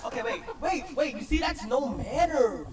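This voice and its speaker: A man's voice: very high-pitched, sing-song, normal speed. A man hosting a casual livestream outdoors by a campfire, rambling and hesitant, often talking to his chat. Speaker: streamer host. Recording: distant mic with loud outdoor noise.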